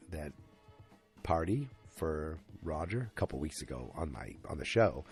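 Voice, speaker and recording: A man's voice: low-pitched, darkish tone. A tired man hosting a podcast, recapping an episode in a rambling, casual way full of restarts and fillers. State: tired, yawning. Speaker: podcast host.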